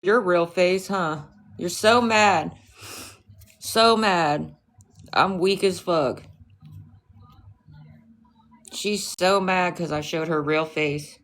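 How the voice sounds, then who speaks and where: A woman rants on her livestream, swearing freely and hitting back at a rival with open scorn. Her voice sits a little low for a woman. She mixes angry lines with mocking jabs aimed at the chat. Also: slow pace, a bit bright. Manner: profane, confrontational ranting.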